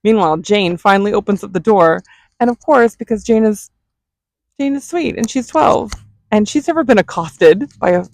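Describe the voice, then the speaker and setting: A woman vlogger tells a story in an animated, chatty way. Her voice has a gravelly fry. The sound is dry and close. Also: mid-range voice, no echo. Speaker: vlogger, mother. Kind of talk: casual storytelling.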